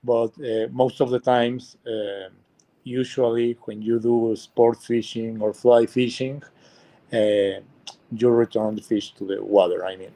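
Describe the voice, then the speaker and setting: A man answering questions in casual chat, hesitant and pausing often. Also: medium pitch, little pitch movement, mellow. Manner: hesitant, many pauses with uh.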